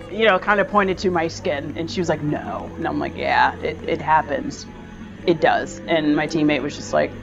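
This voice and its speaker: A woman's voice: low voice, creaky, highs cut off. A young woman soccer player telling a personal story casually, laughing and acting out what people said. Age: young adult. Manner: animated, laughs often, acts out dialogue. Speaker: soccer player, interview clip.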